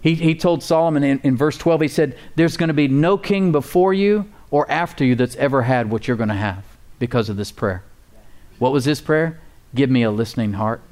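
A man's voice: medium pitch, fairly quick, a little mellow. A man preaching a sermon to a congregation in church, emphatic and casual, repeating key words and asking for amens. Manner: casual preacher's talk with fillers and folksy asides. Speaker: pastor. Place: church before a responding congregation.

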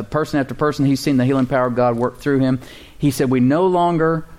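A man's voice: mid-range voice, a little mellow. A man preaching a sermon to a congregation in a conversational style, asking for amens and chuckling between points. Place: church congregation.

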